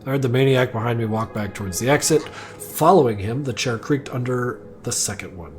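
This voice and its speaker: Man reading a dark story aloud on stream. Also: mid-range voice, fairly quick, soft background music. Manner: reads aloud with occasional slips and self-corrections.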